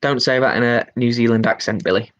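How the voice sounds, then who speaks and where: A male host runs an online pub quiz, reading every question twice and filling the gaps with chatty asides. His mid-range voice moves quickly with a fairly bright tone, though the audio is dull.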